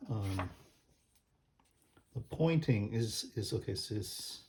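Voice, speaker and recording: A man's voice: fairly low pitch, expressive, slow pace, a little mellow, slight background noise. A man explaining church music casually, thinking aloud with many ums and restarts as he pages through a book.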